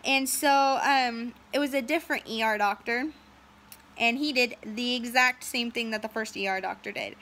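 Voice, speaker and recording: A young woman recounts a personal ordeal in a loose, rambling way, often pausing on "um" and acting out what others said. Her voice sits a little high and sounds bright and forward. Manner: rambling, many "um"s and "and so", quotes others in dialogue. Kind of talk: casual personal storytelling.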